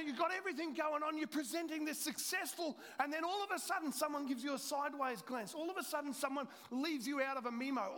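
A middle-aged man preaching a sermon as a pastor, swinging between loud urgency and hushed, intimate storytelling. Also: very high-pitched. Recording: long hall reverb.

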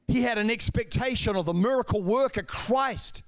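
A man preaching a sermon, with swings between calm speech and shouted, fervent passages. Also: high-pitched, a little fast, few pauses. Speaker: pastor.

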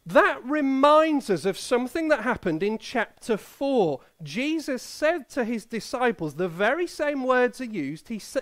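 Chatty high-voiced preacher. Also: male voice. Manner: chatty and playful, quizzing the children and the congregation. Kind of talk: Bible reading and children's talk in a church service.

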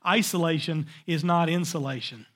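A man's voice: fairly high pitch, moderate pace, fairly bright tone. A man preaching a sermon, emphatic and repeating his key phrases for weight. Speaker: pastor.

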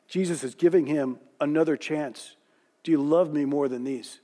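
A man telling a Bible story in a sermon, slowing and softening when he voices quoted lines. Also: fairly high pitch. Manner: storytelling, voicing quoted lines softly and slowly. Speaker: preacher. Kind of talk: sermon narration.

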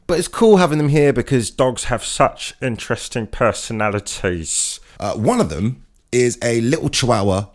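A man hosting his own show, telling rambling comic stories in an animated way. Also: lowish voice. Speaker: podcast host. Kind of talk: comic monologue.

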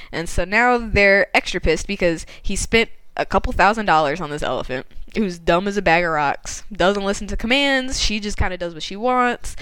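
A woman's voice: medium pitch, normal speed, few pauses, fairly bright tone, clean tone, no echo. Chatty woman retelling a story. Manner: chatty, laughing, filler-heavy. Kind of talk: casual book retelling.

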